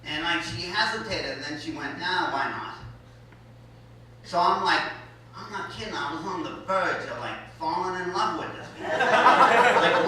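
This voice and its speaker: Performing stand-up before a live crowd in an echoey college hall, a high-voiced man tells a profane, blunt, self-mocking story. Background noise is present, and the mic sounds distant.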